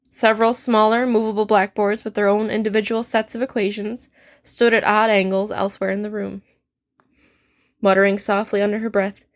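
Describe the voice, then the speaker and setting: A woman reading a fan-written story aloud in a steady, measured narration. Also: mid-range voice, dry recording, clean studio sound. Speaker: fanfiction reader.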